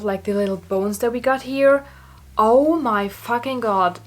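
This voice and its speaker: A young woman gushing and swearing casually as she reviews dolls in a casual vlog. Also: mid-range voice. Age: young adult. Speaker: doll collector vlogger.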